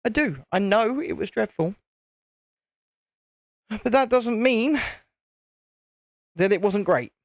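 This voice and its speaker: A man's voice: high-pitched, lively intonation, slow pace, long pauses, no room sound, studio quality. Chatty British man hosting a live stream. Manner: chatty, self-deprecating, easily flustered. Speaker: channel host. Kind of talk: casual live-stream chat.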